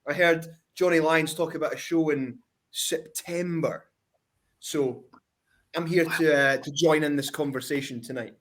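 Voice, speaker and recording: A man's voice: fairly high pitch, steady tone, a little slow, a bit bright. A man, a wrestling champion, boastfully trash-talking his way into an interview over a video call. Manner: cocky, boastful, swaggering. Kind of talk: brash trash talk.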